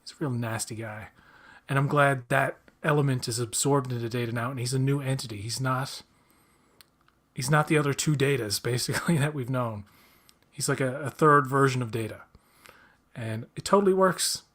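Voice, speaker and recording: Chatty man talking excitedly. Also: medium pitch, moderate pace. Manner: rambling with many restarts and fillers; enthusiastic fan. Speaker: podcast host. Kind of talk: casual chat.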